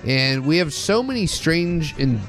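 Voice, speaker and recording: A man's voice: on the high side, expressive, unhurried, fairly bright tone, soft background music. A man hosting a podcast, chatting casually in a rambling way with frequent restarts and swearing. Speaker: podcast host. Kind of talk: casual chat.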